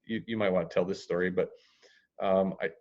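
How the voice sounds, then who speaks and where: This real estate podcast guest is a man with a low-pitched voice and a steady tone, speaking fairly quickly. His manner is blunt and plain, laced with dry humor and the occasional crude word, and the audio quality is dull and lo-fi.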